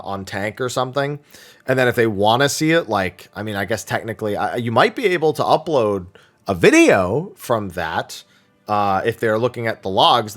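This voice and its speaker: A man hosting a weekly viewer Q&A, reading questions aloud and thinking them through in a casual, animated way. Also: medium pitch. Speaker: streamer answering viewer questions.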